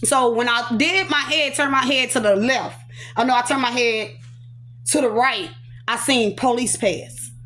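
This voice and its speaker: A woman's voice: fairly high pitch, measured pace, fairly bright tone. A woman, a prophetess, telling her personal testimony with earnest emotion, recounting it through quoted dialogue.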